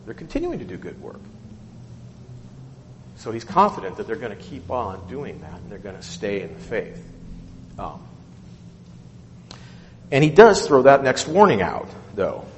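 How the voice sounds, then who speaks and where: A man's voice: on the low side, measured pace, pauses often, dull audio, slight background noise. A man leading a Bible study, explaining a passage verse by verse and often checking in with "okay?". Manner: animated, keeps asking okay and right. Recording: echoey hall with long reverb.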